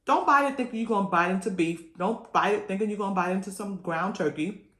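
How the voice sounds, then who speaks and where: A woman's voice: mid-range voice, a little fast, a bit bright, echoey room. A woman vlogger chatting casually to camera while eating, talking with her mouth full and humming over the food, saying y'all often. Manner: folksy, says y'all often.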